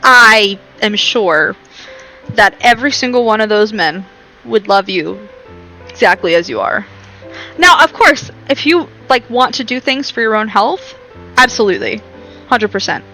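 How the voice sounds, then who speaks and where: A high, bright-voiced woman chatting casually to her live-stream viewers from a home computer setup. She is bubbly and giggly and pokes fun at herself, with faint game music playing underneath. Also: expressive, unhurried, low-quality recording. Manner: bubbly, giggly, self-deprecating.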